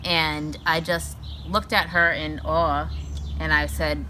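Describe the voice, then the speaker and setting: A woman's voice: deep voice, flat delivery, slow pace, sharp tone, slight background noise. A woman telling an amused family story in a wedding video message. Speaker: bride's older sibling.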